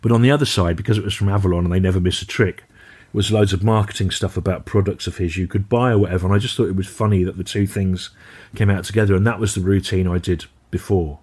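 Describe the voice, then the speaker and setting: Wry, low-voiced man telling stories. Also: steady tone, fast talker, few pauses, darkish tone, husky. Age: middle-aged. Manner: wry, dry storytelling with frequent asides. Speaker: comedian guest. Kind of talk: storytelling in casual conversation.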